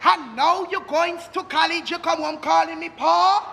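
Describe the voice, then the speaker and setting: An actor playing an excitable, scolding Jamaican father in a live stage comedy, with a strong Jamaican accent. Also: very high voice, normal speed, gravelly. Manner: loud, scolding, theatrical patois rants. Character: excitable Jamaican father, middle-aged man. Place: theatre stage with live audience. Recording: reverberant hall, audience noise.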